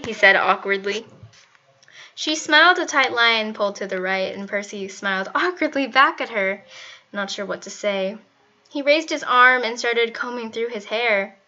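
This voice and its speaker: A woman reading fan fiction aloud in a steady storytelling manner. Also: medium pitch, moderate pace. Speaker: fanfiction reader. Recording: muffled, faint music behind.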